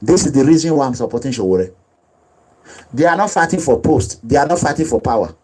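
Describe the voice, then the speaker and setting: Emphatic husky Nigerian man. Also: medium pitch, animated, brisk, a little mellow, rough recording. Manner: emphatic, repetitive, preachy. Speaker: political activist commentator. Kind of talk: impassioned commentary over video.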